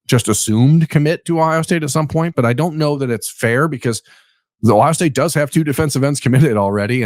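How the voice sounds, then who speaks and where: A man's voice: mid-range voice, dry recording, studio quality. A man hosting a casual sports podcast, tired and rambling, often correcting himself and joking. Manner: rambling, self-correcting, jokey. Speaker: podcast host.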